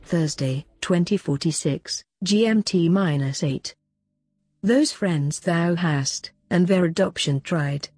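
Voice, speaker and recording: A woman announcing chapter headings and timestamps for an audiobook in a slow, deliberate, formal manner. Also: on the low side, a little mellow, slightly rough, dry recording, faint music behind. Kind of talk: reading chapter headings and epigraph.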